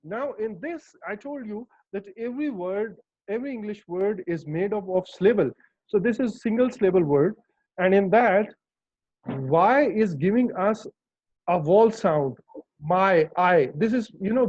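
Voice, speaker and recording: A man's voice: high voice, expressive, normal speed, darkish tone, no room sound. A man teaching English pronunciation in an online lesson, patiently repeating words and checking that his students follow. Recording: dull lo-fi dry sound.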